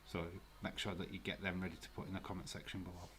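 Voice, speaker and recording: Chatty man, low voice. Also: flat delivery, fast, sharp tone, a little hiss or hum. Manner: chatty, swears freely, laughs while reading out viewer comments. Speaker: live-stream host. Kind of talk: casual live watch-along commentary.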